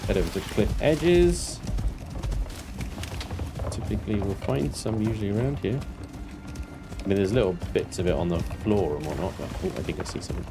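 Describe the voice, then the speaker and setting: Low-voiced man streaming a game. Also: lively intonation, moderate pace, long pauses, over music. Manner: chatty, swears casually, reads out chat. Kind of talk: casual gaming stream chat. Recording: clear background noise.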